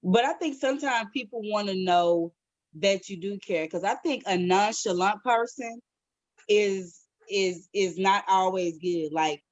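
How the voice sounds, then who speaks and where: A woman co-hosting a podcast in casual chat, blunt and profane, telling stories with animated quoted voices. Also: mid-range voice, unhurried, no echo, highs cut off. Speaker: podcast co-host.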